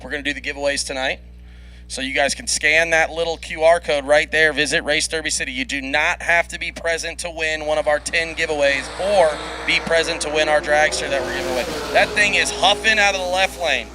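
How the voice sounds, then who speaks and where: Bright upbeat drag race commentator man. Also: on the high side, fairly even intonation, a little hiss or hum, poor audio. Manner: quick play-by-play, laughs often. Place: racetrack broadcast booth.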